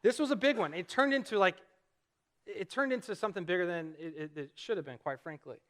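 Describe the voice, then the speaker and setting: High, bright-voiced pastor preaching a sermon. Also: male voice, a little fast. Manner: conversational, self-deprecating storytelling with rhetorical questions. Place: church sanctuary before a congregation.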